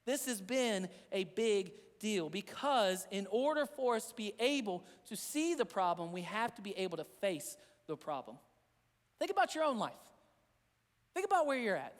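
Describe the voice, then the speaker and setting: High-voiced man preaching in an echoing hall. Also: big pitch swings, moderate pace. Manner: earnest, repetitive conversational preaching. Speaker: pastor. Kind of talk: sermon. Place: church sanctuary.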